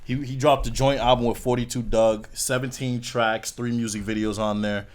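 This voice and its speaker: A man co-hosting a casual studio podcast, with a voice of ordinary pitch. He talks bluntly and opinionatedly and swears freely. It is relaxed talk among friends. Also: moderate pace. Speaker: podcast co-host. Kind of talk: casual chat.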